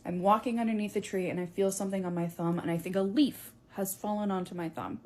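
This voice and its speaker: A young woman telling a wild story in a casual, chatty way, full of fillers. Her voice sits at a middle pitch and stays animated. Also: fast talker.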